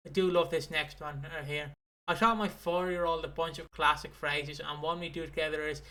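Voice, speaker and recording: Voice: mid-range voice, a little fast, a bit bright, low-quality recording. A podcast co-host, reading listener comments aloud in a chatty way, with laughing and swearing. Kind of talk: casual podcast chat.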